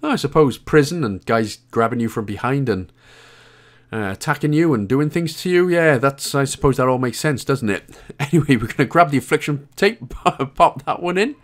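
A man's voice: medium pitch, lively intonation, normal speed. Chatty Welsh man narrating a game guide. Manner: chatty, jokey, laughs often. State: out of breath. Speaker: game walkthrough host. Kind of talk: casual gameplay commentary.

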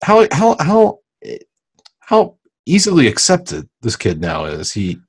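A man's voice: on the high side, wildly swooping pitch, slow, breathy edge. A young man co-hosting a crude, joking movie commentary podcast, often trailing off and restarting. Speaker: podcast co-host.

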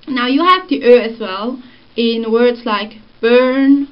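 A woman's voice: fairly high pitch, measured pace, lo-fi sound. A young woman, casually explaining pronunciation in a vlog lesson. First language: Swiss German. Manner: easygoing, explains with examples. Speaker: vlogger.

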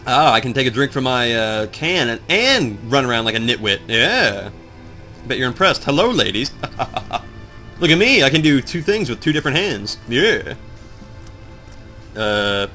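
A man chats over a game he is playing, rambling and swearing at his own confusion, his pitch leaping around in lively swings. His voice is bright and forward, and faint game music plays underneath. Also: moderate pace. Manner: rambling, excitable, swears a lot, talks to the viewers. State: groggy, just woke up. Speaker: let's play commentator. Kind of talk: casual gameplay commentary.

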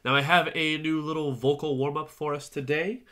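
A man teaching a virtual music lesson to young children, cheerfully guiding them through warm-ups and counting along. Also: a little high, fairly even intonation, a little fast.

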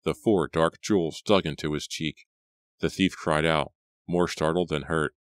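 A man reading a horror audiobook in a measured, steady narration. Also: rumbling low, no room sound. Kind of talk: scripted narration.

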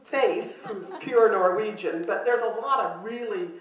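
A woman's voice: medium pitch, a little slow. Older woman telling funny stories, roomy. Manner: self-deprecating, humorous, laughs often. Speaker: retreat speaker. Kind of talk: personal storytelling talk. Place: retreat meeting room. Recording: roomy hall, mic far off.

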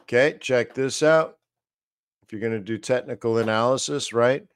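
A man's voice: medium pitch, normal speed, clean tone, dry recording. Rambling man reading market charts. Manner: casual, rambling, talks to himself while reading charts. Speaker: trading analyst host. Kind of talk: live market analysis stream.

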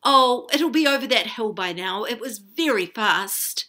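A woman's voice: fairly high pitch, expressive, measured pace, bright, forceful tone. A woman doing a spoilt, scheming young princess. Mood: sly sweet. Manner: sweet, bossy and mock-innocent. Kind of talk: storybook read-aloud.

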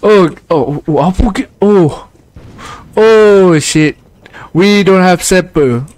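A Malaysian man, a Malay speaker at home, does live commentary on his own gameplay. His voice sits high, and he talks slowly. He keeps erupting into excitable little exclamations as the action unfolds. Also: no echo. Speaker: game streamer.

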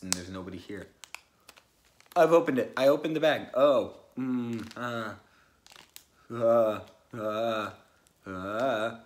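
A young man vlogging to camera in a nervous, overdramatic, rambling way. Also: lowish voice. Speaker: YouTuber. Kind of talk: casual vlog to camera.

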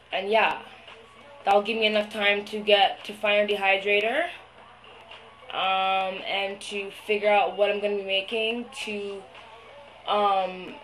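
A woman's voice: mid-range voice, fairly bright tone, low-quality recording. Blunt, swearing young woman venting. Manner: frustrated, swears a lot, blunt; hesitant, many fillers. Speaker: vlogger. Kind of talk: venting video diary.

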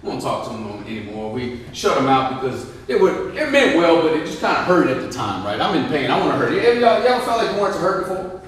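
A veteran man giving a lively motivational speech, joking and asking the crowd questions. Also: a little high, fairly quick, a little hiss or hum. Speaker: guest speaker, veteran. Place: large indoor hall. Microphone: distant microphone. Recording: echoey hall, distant mic.

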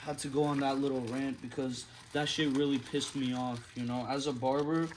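A man who works as a barber, hosting a casual vlog in a profane, animated, ranting way. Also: mid-range voice, normal speed, a little hiss or hum.

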